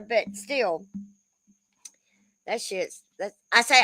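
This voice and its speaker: A woman's voice: medium pitch, sing-song, measured pace, sharp tone, no room sound. A woman in her fifties giving a blunt, profane, rambling commentary rant, often calling people "bro.". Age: 50s. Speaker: commentary creator.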